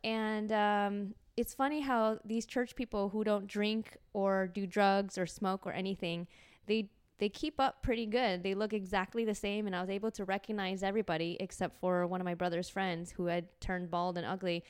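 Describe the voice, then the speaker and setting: Animated, foul-mouthed woman podcast host. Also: mid-range voice, moderate pace, smooth, no room sound, clean studio sound. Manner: animated, profane, acts out quotes. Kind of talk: comedic storytelling.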